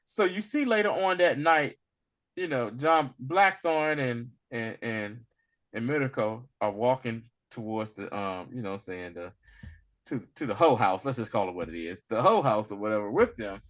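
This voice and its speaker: A man co-hosting a podcast in casual chat, recapping a TV episode and acting out characters with laughter. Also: normal speed. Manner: animated, acts out characters with big pitch swings and laughter. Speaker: podcast co-host.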